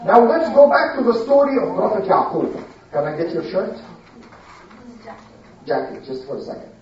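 An adult telling a religious story to a child, slowly, asking the listener questions along the way, recorded far from the mic in an echoey room. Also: medium pitch, dull audio, a little hiss or hum. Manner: slow, lively, questioning the listener.

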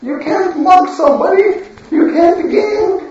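Shrill, sneering townsfolk put on by a storyteller cackle and mimic in a high, jeering voice. The sound is far from the mic in a very echoey room, with a dull, muffled tone. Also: measured pace, darkish tone. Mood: mocking. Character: mocking, cackling wicked townspeople.

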